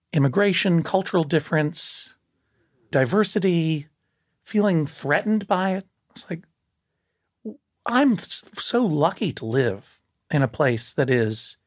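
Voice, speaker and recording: A man telling a personal story in casual conversation, lively and full of restarts, jumping up in pitch for emphasis. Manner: animated, many restarts, jumps up in pitch for emphasis.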